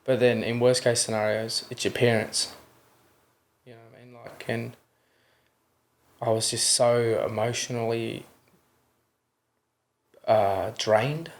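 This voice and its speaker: A man's voice: mid-range voice, steady tone, slow, pauses often. A young Australian man telling a personal story as a podcast guest, earnest, often adding "you know what I mean" and acting out the voices in his retellings. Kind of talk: candid interview storytelling.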